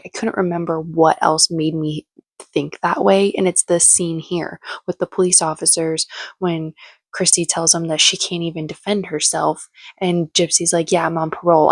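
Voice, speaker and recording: A woman's voice: fairly low pitch, a bit bright, slightly rough, no echo. Give me a woman with a dry, close sound doing a snarky reality-show recap. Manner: sarcastic, opinionated. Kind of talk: casual commentary.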